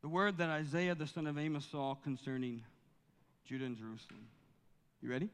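A pastor preaches a sermon in a church sanctuary, his fervor rising until he reads scripture aloud. His fairly high, fairly bright and smooth voice holds a level tone at a slightly fast pace, with a big-room sound.

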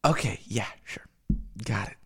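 A man's voice: lowish voice, measured pace, gravelly, breathy edge. A man streaming alone, giving a rambling, profane, sardonic rant. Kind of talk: unscripted solo rant.

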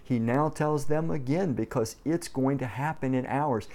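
Male preacher, warm low-key timbre, emphatic sermon delivery with frequent restarts. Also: normal speed. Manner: emphatic, repeats words when starting phrases. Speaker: pastor.

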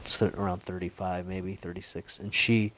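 A man's voice: low voice, flat delivery, moderate pace, bright, forceful tone. A man in his forties telling a long, rambling, profane story in a casual chat, with frequent restarts. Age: 40s.

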